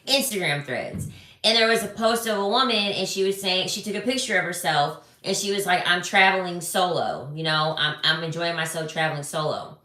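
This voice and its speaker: A young adult woman giving blunt, sassy relationship commentary, talking casually to her viewers. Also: medium pitch. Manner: blunt, animated, sassy, swears freely. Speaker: relationship advice creator. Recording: echoey room.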